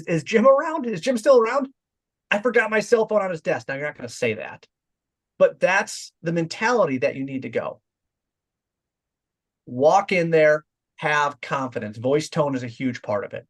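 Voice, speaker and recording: Male sales coach, pitch a bit high, direct and confident delivery, acts out examples. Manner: direct, demonstrates voice tones in quoted examples. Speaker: sales trainer. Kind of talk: training talk.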